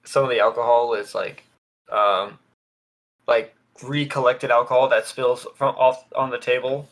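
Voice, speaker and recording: A man's voice: mid-range voice, fairly even intonation, a little slow, a bit bright, poor audio. A man playing in a tabletop game, making loose remarks with many fillers. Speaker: player. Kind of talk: casual tabletop play.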